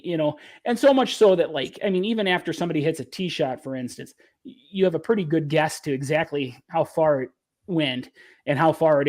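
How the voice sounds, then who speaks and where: This podcast guest is a caddie and author, a man whose voice sits on the high side with a darkish tone. He reflects earnestly in a casual interview, frequently restarting his sentences.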